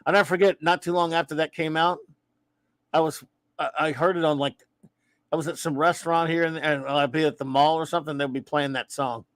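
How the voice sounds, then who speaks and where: New guy hosting a chat show, bit high pitched, rambly, dry close mic. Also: steady tone, a little fast, no echo. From New Orleans, USA. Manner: rambling, self-interrupting, playful. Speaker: podcast host reading chat. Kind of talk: casual chat.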